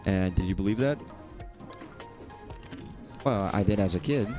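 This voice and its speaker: A young southern US streamer comments on a video game in a low, darkish voice at a measured pace. His casual talk wanders, includes swearing, and is sprinkled with jokes, all over faint game music.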